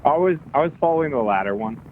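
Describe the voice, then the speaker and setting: A man calling in to a show and talking in a flat, unbothered, deadpan way. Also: mid-range voice, fast, a little hiss or hum. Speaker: caller. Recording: phone-like lo-fi sound with faint music.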